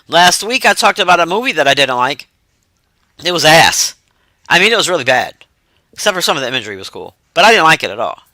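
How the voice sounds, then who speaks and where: A man with a high, piercing voice rambles to his live-stream audience, profane and animated. He puffs himself up into mock outrage and then laughs at himself. The sound is close and dry, with no room around it. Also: no room sound. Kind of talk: casual live-stream chat.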